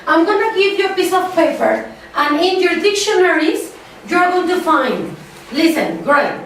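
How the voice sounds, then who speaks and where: High-voiced woman teaching in an echoey classroom. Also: very animated, a bit bright, a little hiss or hum. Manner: slow, repeated, emphatic instructions to students. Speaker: English teacher. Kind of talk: classroom instruction. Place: busy classroom. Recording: echoey classroom from far off, students chattering. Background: student chatter.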